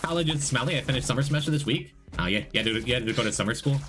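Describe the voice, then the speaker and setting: A man's voice: medium pitch, lively intonation, racing. A man streaming a game, chatting casually, rambling and joking as he reads and answers chat. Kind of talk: casual live-stream chat while gaming.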